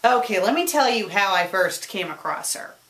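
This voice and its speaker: Animated woman chatting in a vlog. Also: medium pitch, moderate pace. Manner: animated, swings between excited and subdued, repeats words when she stumbles. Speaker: web show creator answering viewer questions. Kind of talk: casual Q&A vlog.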